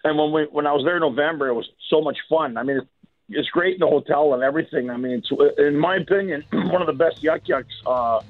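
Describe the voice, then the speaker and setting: A man guest comedian chatting casually on a radio show, rambling and often clearing his throat. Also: a little high, fast. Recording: tinny phone-like sound.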